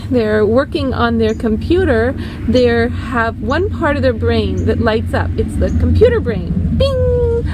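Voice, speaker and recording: A woman singer telling a personal story in a casual, animated and expressive monologue. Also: sits high, slight background noise.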